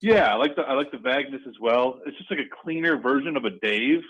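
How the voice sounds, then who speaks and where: A man calling in to a sports radio show, talking in an energetic, excitable and rambling way. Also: medium pitch, quick pace, husky. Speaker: regular caller. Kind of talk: casual sports talk radio call. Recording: dull lo-fi phone line.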